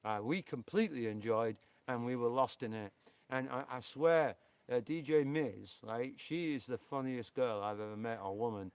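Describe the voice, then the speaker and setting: A man with a Yorkshire English accent talks through a live stream in a loose, rambling way. He fills his sentences with ums and restarts. His voice sits at a middling pitch and sounds dry and close, with no room around it. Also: moderate pace, smooth, no room sound. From England. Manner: rambling, chatty, full of fillers and restarts.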